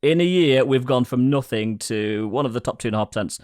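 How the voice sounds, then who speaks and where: A man co-hosting a podcast, measured and matter-of-fact with figures. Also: medium pitch, darkish tone, no echo. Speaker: podcast co-host, stats man. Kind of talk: casual podcast banter.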